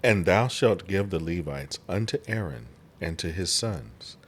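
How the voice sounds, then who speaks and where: A man's voice: sits low, expressive, unhurried. A man co-hosting a casual Bible study, mostly giving brief agreeing replies and reading a verse in old-fashioned English. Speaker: co-host.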